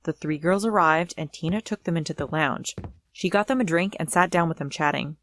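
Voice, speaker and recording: Low-voiced woman telling a storytime tale. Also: brisk, fairly bright tone, slight background noise. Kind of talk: first-person storytime narration.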